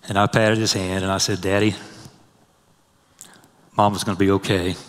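A man with a low voice preaches from the pulpit, his words ringing through a long hall reverb. He rises loud and high on scripture and falls to a soft, low hush when telling a personal story. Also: flat delivery, normal speed. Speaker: pastor. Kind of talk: sermon.

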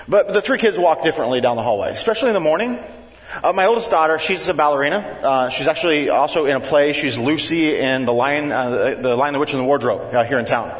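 A man preaching a sermon, telling family stories in a chatty, animated way and acting out his kids with sudden jumps in his voice. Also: fast. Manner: animated, conversational, acts out family members with big pitch jumps. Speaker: pastor. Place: church sanctuary. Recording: long reverb of a large hall.

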